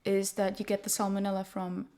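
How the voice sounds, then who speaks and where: A woman co-hosting a podcast, chatting and cutting in with quick remarks. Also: mid-range voice, completely flat delivery, warm tone. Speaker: podcast co-host. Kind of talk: casual chat.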